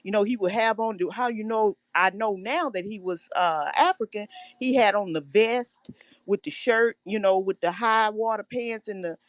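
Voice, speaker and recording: A woman's voice: medium pitch, moderate pace, no echo. A woman calling in to a talk show, reminiscing in a rambling way with many fillers. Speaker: caller. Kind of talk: casual call-in conversation.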